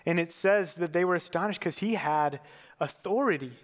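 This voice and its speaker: A man's voice: a little high, normal speed, long reverb tail. A man giving a sermon as a pastor, earnest and conversational, with casual fillers.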